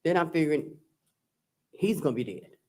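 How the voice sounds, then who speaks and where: A woman's voice: low-pitched, expressive, moderate pace, dark tone. A woman on the witness stand in a courtroom, recounting text messages and quoting both sides. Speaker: defendant testifying. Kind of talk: courtroom testimony.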